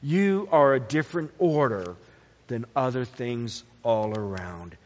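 A man preaching a sermon slowly and emphatically, his pitch swinging widely to stress key words. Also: lively intonation, a little mellow. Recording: dull lo-fi sound in a reverberant hall.

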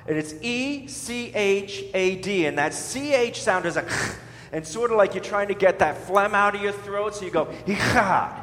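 A pastor giving a sermon, leading his listeners to repeat words after him in a slow, deliberate, emphatic way. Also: high-pitched, fairly bright tone. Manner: leads the listeners in call-and-response pronunciation. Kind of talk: sermon teaching with congregation repetition. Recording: echoey hall with long reverb.

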